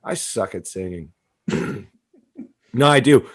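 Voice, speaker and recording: A man with a deep, gravelly voice chats loosely on a comedy podcast. He swears constantly and riffs from one bit to the next. His delivery is crude and loose. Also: lively intonation, takes it slowly. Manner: crude, swearing, riffing with laughs. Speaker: podcast co-host. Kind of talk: casual comedy podcast chat.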